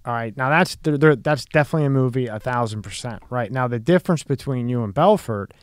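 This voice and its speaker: A man's voice: mid-range voice, quick pace, dry recording, studio quality. Persistent male podcast host. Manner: persistent, talks through his point with many fillers. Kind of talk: casual podcast chat.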